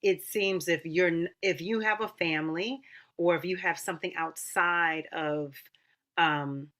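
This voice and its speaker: Bright, lively storytelling woman. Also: on the low side, measured pace. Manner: animated storytelling, calls listeners honey and girl. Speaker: opera singer and mother. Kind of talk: casual panel chat.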